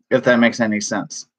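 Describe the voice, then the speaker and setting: A man chatting casually on a live stream from his room, excitable and chatty, laughing often. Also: medium pitch. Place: home room.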